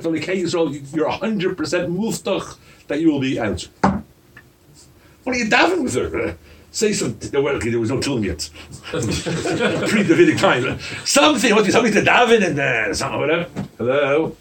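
A man preaching a sermon as a rabbi, animated and firing rhetorical questions at his listeners. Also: on the high side, moderate pace, recorded from a distance, noisy background.

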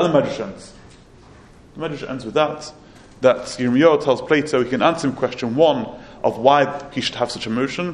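A man teaching a Torah lesson, retelling a Midrash in an earnest storytelling manner with occasional restarts. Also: mid-range voice. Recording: roomy echo, faint ambience.

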